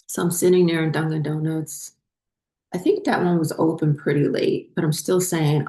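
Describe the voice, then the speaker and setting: A woman's voice: deep voice, flat delivery, moderate pace, dark tone, roomy sound. A woman, hosting a spiritual channel and telling her own story in a casual, rambling way, with many ums and self-corrections.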